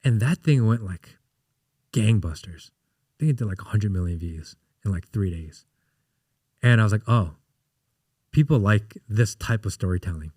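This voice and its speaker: Guy on a podcast, bit low voice, tells stories real animated, super dry close sound. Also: moderate pace, long pauses, breathy edge, no room sound. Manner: animated storyteller, acts out quotes. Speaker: podcast guest. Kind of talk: casual interview chat.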